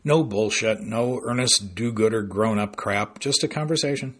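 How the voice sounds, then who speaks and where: A man reading a novel aloud as narrator in a dry, unhurried way. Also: on the low side, fairly bright tone, slightly rough. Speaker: audiobook narrator. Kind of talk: scripted narration.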